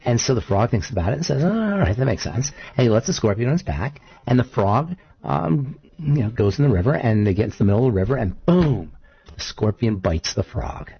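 A man hosting a talk radio show, chatting casually and telling stories in an animated, argumentative way. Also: medium pitch, brisk, slightly rough, lo-fi sound. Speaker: show host.

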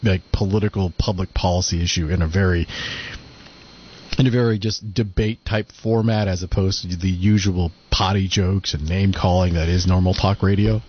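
A man's voice: low voice, steady tone, normal speed, breathy edge, dull audio. A man hosting talk radio in casual conversation, rambling with frequent restarts. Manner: rambling, hesitant. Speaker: radio host.

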